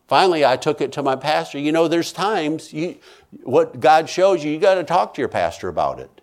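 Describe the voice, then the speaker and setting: A man's voice: sing-song, fairly quick. Intense preaching man telling a testimony. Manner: intense, swings from loud pleading to hushed low tones; repeats and restarts phrases for emphasis. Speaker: minister giving a testimony. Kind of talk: emotional testimony storytelling.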